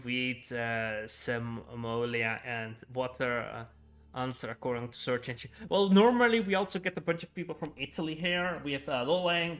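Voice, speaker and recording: A man's voice: fairly high pitch, a bit bright. Chatty young man streaming a game. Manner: rambling, chuckling, frequent filler words. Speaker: livestreamer. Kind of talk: casual gaming livestream chat.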